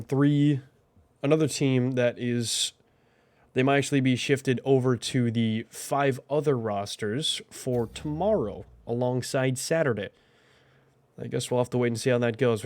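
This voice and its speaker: In casual livestream commentary for a game tournament, the host speaks in a mid-range, slightly mellow voice while out of breath. He muses aloud with lots of fillers, and the recording has no room sound.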